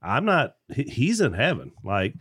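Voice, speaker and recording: A man's voice: medium pitch, wildly swooping pitch, a little slow, fairly bright tone, slightly rough, no room sound, studio quality. A man hosting a podcast, talking earnestly with many restarts. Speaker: podcast host. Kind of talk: casual conversation.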